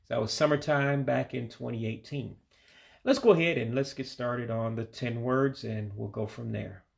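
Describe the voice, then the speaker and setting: A man giving a home-made vocabulary lesson, patiently repeating each word slowly for practice. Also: medium pitch, vocal fry. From United States. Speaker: language learner teaching vocabulary.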